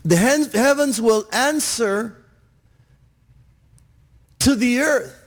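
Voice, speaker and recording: A man's voice: very high-pitched, lively intonation, very slow. A man preaching a sermon in church, earnest, often restarting his words and asking "Amen?". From Texas, USA. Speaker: pastor.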